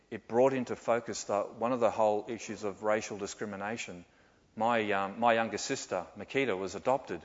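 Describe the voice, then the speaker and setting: An older man preaching a sermon as pastor, animated and full of rhetorical questions. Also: on the low side. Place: church hall. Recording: dull sound with long hall reverb.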